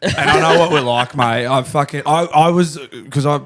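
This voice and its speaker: A man's voice: a little high, fairly bright tone. A man in his thirties with an Australian accent, a podcast guest chatting in a blokey, swearing way. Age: 30s. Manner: blokey, swearing, quick reactions. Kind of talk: casual banter.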